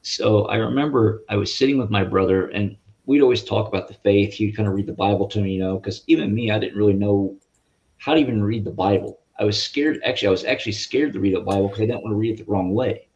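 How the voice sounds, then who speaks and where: Guest man, low-pitched, earnest and halting, on a dull lo-fi video call line. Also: a little mellow. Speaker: interview guest. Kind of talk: personal faith testimony. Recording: muffled lo-fi audio.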